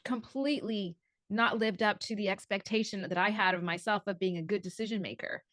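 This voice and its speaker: A woman coach talks as a podcast guest, a lively storyteller who acts out her own past self-talk. Her voice sits at a middle pitch. The sound is dry and close, with no room around it. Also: a little fast, no echo. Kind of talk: podcast interview.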